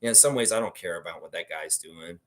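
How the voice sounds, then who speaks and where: Low-pitched, fast and a bit bright, this blunt male host runs a casual sports livestream and reads out what viewers write. He swears without restraint and calls himself by name in the third person.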